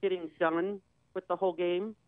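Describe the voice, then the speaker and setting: A woman's voice: on the low side, fairly even intonation, normal speed, dry recording. Woman, personal storytelling, acts out quoted dialogue, tinny phone-like sound, dry. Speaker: guest sharing her story.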